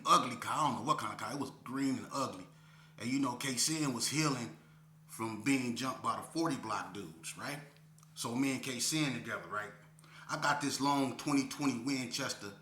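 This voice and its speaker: A man in a casual interview, telling a story in streetwise slang and checking in with listeners as he goes. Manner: animated, climbs high when retelling. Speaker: interview guest. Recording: echoey room with faint hum.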